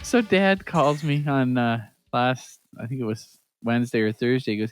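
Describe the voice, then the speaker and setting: A man's voice: mid-range voice, normal speed, hardly any pauses, smooth, no room sound, faint music behind. A man from Canada, co-hosting a podcast, telling a story in casual chat, laughing often and acting out what others said. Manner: animated, laughs often, acts out quotes. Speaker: podcast co-host.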